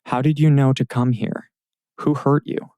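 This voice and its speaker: A man's voice: mid-range voice, fairly even intonation, normal speed, mellow, clean tone, no room sound, voice pushed up, close to an everyday voice. A man voicing an anxious young single mother in an audiobook, asking urgent questions.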